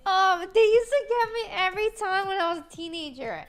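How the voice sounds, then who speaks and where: Woman streamer, high voice, excitable and chatty, faint music behind. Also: brisk, hardly any pauses. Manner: excitable, chatty, talks to chat. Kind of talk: live-stream chat.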